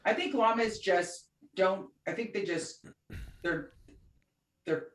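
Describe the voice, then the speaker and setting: A woman's voice: medium pitch, takes it slowly. A woman co-hosting a podcast, telling a story in casual chat and acting out the voices of the people in it. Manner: chatty, animated storyteller, acts out quoted voices. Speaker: podcast co-host. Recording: echoey room, distant mic.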